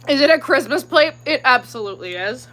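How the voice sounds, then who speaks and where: Woman streamer, casual rant, animated and bright-toned, exasperated asides. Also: high-pitched, brisk, poor audio. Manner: ranting, exasperated, drops to muttered whispers. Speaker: crochet livestream host. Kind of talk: casual livestream chat.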